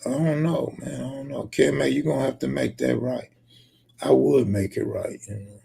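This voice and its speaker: Man, live streamer, reads chat aloud, banters and cusses, deep-set gravelly rasp, husky. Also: fairly even intonation, moderate pace, dark tone. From California. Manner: reads viewer comments aloud and banters back, profane and joking.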